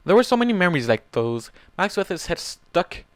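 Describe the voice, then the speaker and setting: A man's voice: sits high, sing-song, fairly quick, dry recording. A man reading fan fiction aloud in a plain manner, with casual asides and small self-corrections.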